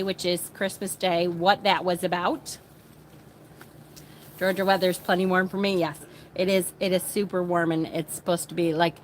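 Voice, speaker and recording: A woman's voice: lowish voice, slight background noise. A woman hosting a casual live stream from a small screened porch room. She chats in a rambling, upbeat way and greets her viewers by name.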